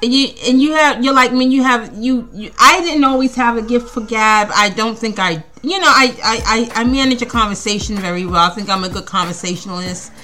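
A woman's voice: a little high, brisk, few pauses, sharp tone, slight background noise. A woman hosting a casual solo podcast, rambling and stammering with frequent laughter. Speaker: podcast host.

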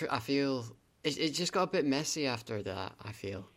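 A man co-hosts a laid-back podcast. He keeps to short, teasing remarks and laughs often. His voice has a mid pitch for a man. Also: lively intonation, moderate pace, a bit bright. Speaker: podcast co-host. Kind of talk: casual podcast chat.

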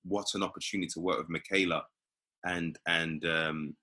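A very low-pitched man, an actor chatting as an interview guest. His voice is forceful and bright despite its depth. He talks thoughtfully, circling back and repeating words as he works out what to say. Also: fairly even intonation, moderate pace, breathy edge. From England. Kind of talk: casual interview chat.

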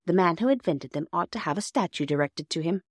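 A woman voicing a kind, brave young girl in a storybook reading, raising her voice to a lively girlish tone. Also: on the low side, a little fast, husky, dry recording, clean studio sound. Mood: comforting.

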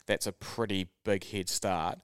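A man co-hosting a casual podcast on a studio mic, talking things through in a steady, explaining way. His voice sits low and sounds smooth and resonant. The recording is dry and close. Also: a little slow, dry recording. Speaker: podcast co-host.

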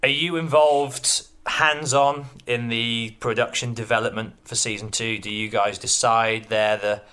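A man's voice: medium pitch, flat delivery, measured pace, sharp tone, smooth. A man hosting an interview, recapping and asking probing follow-up questions. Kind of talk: podcast interview.

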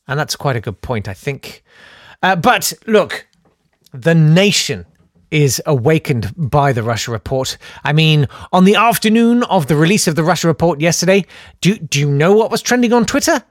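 A man's voice: a little high, big pitch swings, moderate pace, dry recording, studio quality. Sarcastic man doing satirical comedy. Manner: sarcastic, mock-indignant, bursts into shouting riffs. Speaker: comedian host.

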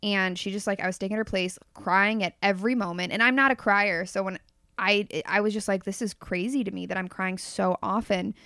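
A woman's voice: medium pitch, clean tone, no echo, studio quality. A woman as a podcast guest, telling a candid personal story in casual chat. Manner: candid storytelling, quick and animated.

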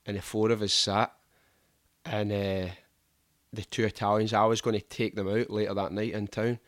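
Lively sweary Scottish man, low voice. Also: moderate pace, dry recording, studio quality. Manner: animated, sweary, laughs a lot. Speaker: podcast host. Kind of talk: casual storytelling chat.

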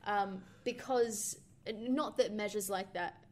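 A woman's voice: medium pitch, fairly even intonation, slow. A young woman co-hosting a podcast, talking through a film in a thoughtful, rambling way with many fillers. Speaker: podcast co-host. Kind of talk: casual film discussion.

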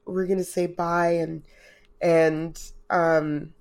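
A woman's voice: fairly low pitch, little pitch movement, slow, vocal fry, darkish tone. A woman co-hosting a podcast in casual chat, heartfelt and rambling, emotional and close to tears. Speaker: podcast co-host.

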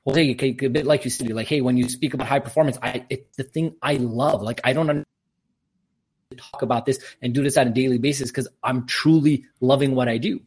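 A man speaking as a podcast guest, with a slightly husky voice at a middle pitch. He talks in long, emphatic runs like the motivational speaker and coach he is. He pushes his points with conviction. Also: steady tone, fairly quick, darkish tone. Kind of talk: podcast interview answers.

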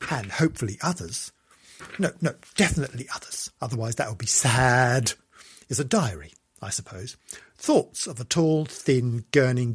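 A man hosting a comic monologue podcast in a theatrical, camp manner. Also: breathy edge. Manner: theatrical, camp, swinging wildly in pitch. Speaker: podcast host.

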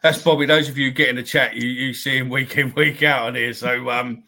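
A man hosts a football podcast, talking bluntly to his listeners with the odd swear. His voice has a bright, sharp, forward edge. His pitch sits in an everyday middle range. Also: steady tone, fairly quick. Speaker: podcast host. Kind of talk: casual football chat.

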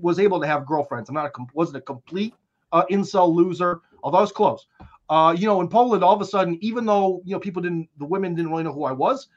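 Brief: American male guest, higher-than-average voice, rambling slang-heavy storyteller, muffled lo-fi capture. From United States. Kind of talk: casual conversational storytelling.

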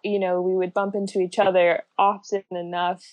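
A woman's voice: on the low side, level tone, moderate pace, dry recording, lo-fi sound. Laughing, chatty young woman. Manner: laughs often, lots of likes and ums. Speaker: guest. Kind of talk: casual chat.

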